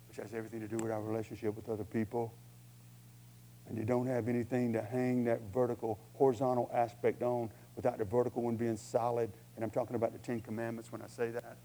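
A man's voice: mid-range voice, mellow, slight background noise, rough recording. A man preaching a sermon in a conversational way, acting out inner voices with humor. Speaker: pastor.

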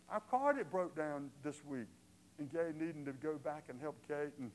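A man's voice: a little high, expressive, normal speed, low-quality recording. Older man preaching with rising questions. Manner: conversational, swings from quiet asides to emphatic questions. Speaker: pastor. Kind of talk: sermon.

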